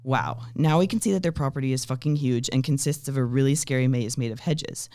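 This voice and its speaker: A man reading stage directions aloud at a comedy table read, in a deadpan manner that often cracks into laughter. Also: mid-range voice, brisk, dry recording, studio quality. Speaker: script reader.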